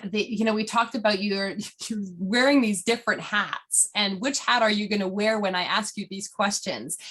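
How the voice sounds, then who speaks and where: Woman host, bright clear tone, bubbly, laughs easily, casual interview chat. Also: medium pitch. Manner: bubbly, laughs often, rambling.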